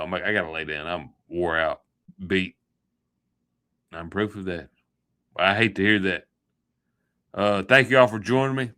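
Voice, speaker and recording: A man's voice: sits low, pushed and bright, clear, resonant tone. A man hosting a livestream, rambling through a joking, folksy sign-off chat. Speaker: livestream host.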